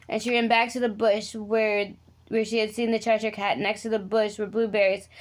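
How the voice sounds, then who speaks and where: A woman's voice: mid-range voice, level tone, moderate pace. A woman reading a children's storybook aloud in a casual way, slipping in chatty asides.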